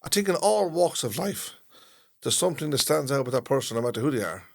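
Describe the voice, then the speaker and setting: A man with an Irish accent co-hosting a podcast, talking in a halting way with lots of "you know what I'm saying". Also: medium pitch, big pitch swings, vocal fry. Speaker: podcast co-host. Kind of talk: casual chat.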